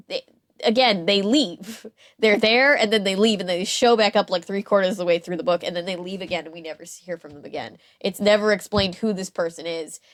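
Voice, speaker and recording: A woman co-hosting a chatty podcast, talking in a casual, amused way and often restarting her sentences. Her voice sits at an ordinary middle pitch. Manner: chatty, full of fillers and restarts, lively and amused. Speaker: podcast co-host. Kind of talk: casual chat.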